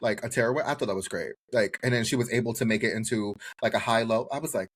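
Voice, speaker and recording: A man co-hosting a podcast, chatting casually about a TV show in an animated, jokey way. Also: on the low side, quick pace, husky. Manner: animated, jokey, does exaggerated voices for quoted people. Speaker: podcast co-host. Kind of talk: casual chat reviewing a TV show.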